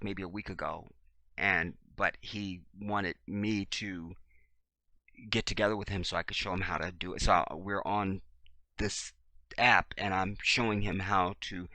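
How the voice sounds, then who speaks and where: A video blogger from Chicago, USA, talks to his viewers in a casual, animated monologue to camera, acting out the voices of people in his stories and swinging between loud and soft. His voice is lowish, and the recording is dry.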